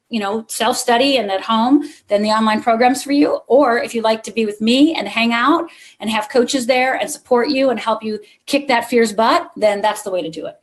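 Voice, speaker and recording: A middle-aged woman giving a motivational keynote to a live conference audience, telling a personal story and speaking straight to the crowd. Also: on the high side.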